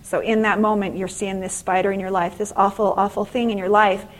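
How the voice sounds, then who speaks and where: A middle-aged woman giving a faith-based motivational class at a conference, telling stories with lively acted-out exclamations. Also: mid-range voice, brisk, rough recording. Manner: animated storytelling, acting out exclamations. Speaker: conference speaker and author.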